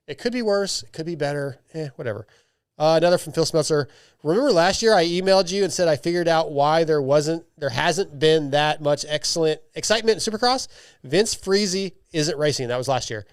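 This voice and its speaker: A man's voice: a little high, brisk, smooth, no echo, clean studio sound. A man hosting a podcast, chatting casually and reading listener emails in a loose, joking way with lots of restarts. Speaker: podcast host.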